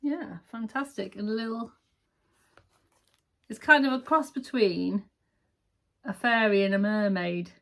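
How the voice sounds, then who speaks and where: Lady vlogging an unboxing at home, chatty and gushy, lots of ums, mid-pitched voice. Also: a little slow, creaky, long pauses, a bit bright. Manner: chatty, with frequent ums and gushing asides. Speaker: sewing vlogger. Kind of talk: casual unboxing chat. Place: home sewing room.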